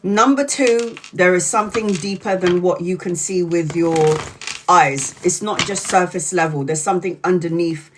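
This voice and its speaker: A woman's voice: lowish voice, normal speed, background noise. A woman tarot reader talking casually to viewers on a live stream, blunt and profane, dragging out key words for emphasis.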